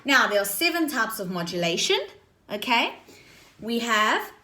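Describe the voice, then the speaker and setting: A woman's voice: fairly high pitch, sing-song, bright, forceful tone, slight background noise. A woman teaching a drama lesson to her class, explaining step by step and often checking in with "okay?" and "right?". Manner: slow, deliberate explaining.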